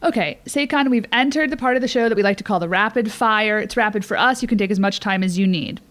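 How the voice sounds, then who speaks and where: A woman's voice: medium pitch, quick pace, a bit bright. A woman co-hosting an interview podcast, asking playful, pointed questions. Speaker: podcast co-host. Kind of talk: casual interview.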